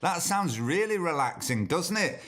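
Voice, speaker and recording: Sardonic, sweary podcast host. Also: male voice, on the high side, big pitch swings, unhurried, fairly bright tone. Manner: sardonic and sweary, with many ums. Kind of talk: casual solo podcast chat.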